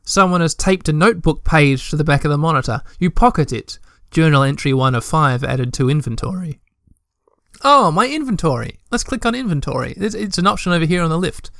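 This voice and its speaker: A man's voice: fairly high pitch, fast talker, creaky, hardly any pauses, a bit bright, no echo, clean studio sound. A young man reading a text adventure aloud in a let's play, with chatty, joking asides.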